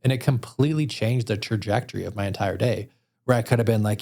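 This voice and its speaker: Gravelly-voiced storytelling podcast host. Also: male voice, lowish voice, quick pace. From Utah. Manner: animated storyteller. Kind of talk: casual interview chat. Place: podcast studio room.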